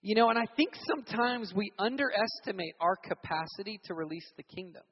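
A young man from Virginia preaching a sermon, telling stories animatedly and acting out loud shouted voices. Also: high voice, lively intonation, a little fast, slightly rough. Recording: reverberant hall, dull sound.

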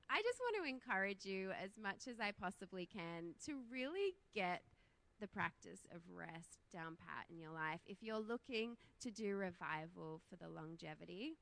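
Lively Australian woman preaching casually. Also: medium pitch, gravelly. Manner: chatty, laughs often, self-deprecating. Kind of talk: casual sermon. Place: church.

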